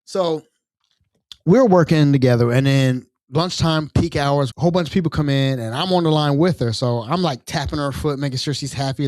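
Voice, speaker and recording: A man hosting a podcast, telling a story in casual chat and acting out the people in it with lively, colloquial phrasing. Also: a little high, normal speed, no echo. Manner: animated storyteller acting out quoted voices. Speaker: podcast host.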